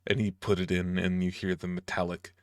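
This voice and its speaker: A man's voice: low voice, level tone, brisk, no room sound, studio quality. A man narrating a tabletop game as game master, casual and hesitant with many fillers.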